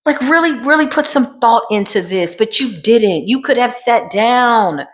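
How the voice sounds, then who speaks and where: A woman giving a dramatic tarot card reading in a sassy way, dropping to a hush and then rising to emphatic bursts. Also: a little high, moderate pace. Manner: sassy, dramatic, swings between hushed and emphatic. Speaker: tarot reader.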